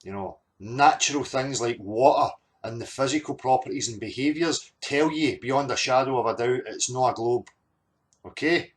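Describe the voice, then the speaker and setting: A man's voice: mid-range voice, normal speed. A man, hosting a monologue and arguing his point emphatically, with many fillers and repeated words. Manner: argumentative, repetitive fillers, emphatic. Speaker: channel host. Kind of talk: monologue reacting to clips.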